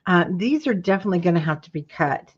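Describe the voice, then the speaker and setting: A woman's voice: fairly low pitch, expressive, quick pace, husky, muffled recording. Chatty woman teaching a craft. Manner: chatty, talks to viewers while working. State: yawning. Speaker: craft class host. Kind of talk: live craft tutorial.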